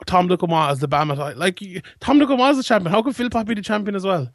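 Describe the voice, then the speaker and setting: A man co-hosting a podcast in casual chat, blunt and quick to swear. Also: sits high, lively intonation, no room sound, clean studio sound. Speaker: podcast co-host.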